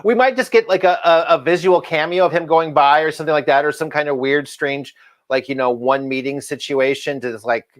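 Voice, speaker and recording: A man's voice: fairly high pitch, brisk. Male co-host, casual and rambling, repeats himself and laughs a lot. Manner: rambling, self-correcting, laughs often. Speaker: co-host of a comic book show. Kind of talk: casual chat.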